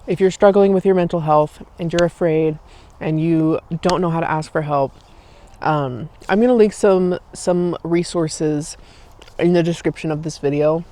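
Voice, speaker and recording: A woman's voice: fairly low pitch, warm tone, slight background noise. Chatty woman in her late twenties. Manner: chatty, loose, many "like" and "um" fillers; talks while eating, sometimes with her mouth full. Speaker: vlogger and streamer. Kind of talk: casual chat. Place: outdoors, in a park.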